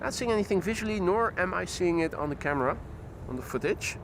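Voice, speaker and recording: High-voiced man commentating outdoors. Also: lively intonation, quick pace. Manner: chatty and playful, greeting viewers. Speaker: live-stream host. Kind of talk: live plane-spotting commentary. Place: outdoors beside water near an airport. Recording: loud outdoor traffic noise.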